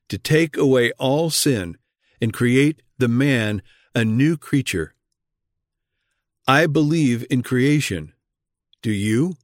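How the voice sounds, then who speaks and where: A man's voice: mid-range voice, no echo, clean studio sound. A man reading an old sermon aloud in an earnest way, pressing questions on his listeners. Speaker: reader of a sermon.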